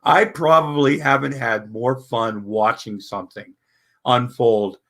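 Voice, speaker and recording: A man in casual chat, animated and profane, rising loud when excited. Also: medium pitch, measured pace.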